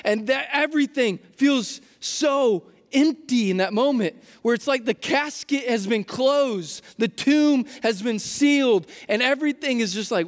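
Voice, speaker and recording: High-voiced preacher in a reverberant hall. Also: male voice. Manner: casual, animated storytelling with frequent restarts. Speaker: pastor. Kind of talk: sermon.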